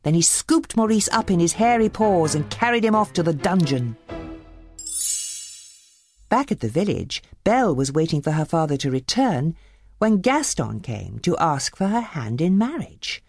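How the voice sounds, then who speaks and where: A woman reading a children's storybook aloud with expressive delivery, faint music behind. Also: on the low side, moderate pace, slightly rough, no room sound. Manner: expressive, animated.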